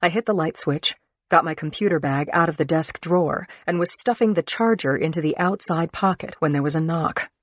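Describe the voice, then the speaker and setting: A woman narrating a crime thriller audiobook in the first person, measured and earnest. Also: deep voice, no echo.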